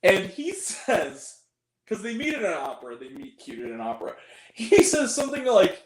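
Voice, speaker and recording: A man tears into a film in a sarcastic, exasperated review, his pitch swooping widely as he rants. His laughter slips in at the absurd parts. The voice carries a roomy echo. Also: very animated, normal speed. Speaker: movie reviewer.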